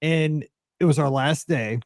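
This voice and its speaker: A man's voice: a little high, measured pace, gravelly, darkish tone, dry recording, clean studio sound. A man hosting a podcast, chatting casually and gushing with enthusiasm, often laughing. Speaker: podcast host. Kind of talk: casual chat.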